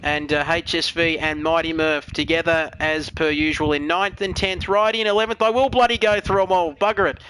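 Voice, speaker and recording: A man's voice: on the high side, steady tone, fairly quick, few pauses, a bit bright, smooth, rough recording. An Australian man calling a sim racing league, full of jokey, matey banter and with a voice worn out by the night. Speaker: lead commentator.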